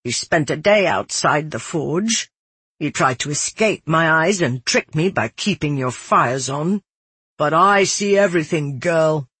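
A man's voice: on the high side, animated, unhurried, sharp tone, slightly rough, no echo, heavily acted. A narrator voicing an arrogant young nobleman who sneers and threatens in a cold, menacing way. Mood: contemptuous.

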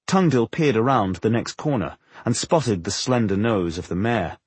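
A man narrating a fantasy novel as an audiobook, telling it in an expressive way. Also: lowish voice, normal speed, husky, no room sound. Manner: expressive storytelling.

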